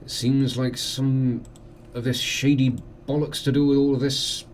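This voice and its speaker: A man's voice: mid-range voice, level tone, a little slow, a little mellow, a little hiss or hum. A man, commenting on a game he plays with wry, joking asides. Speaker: let's play host.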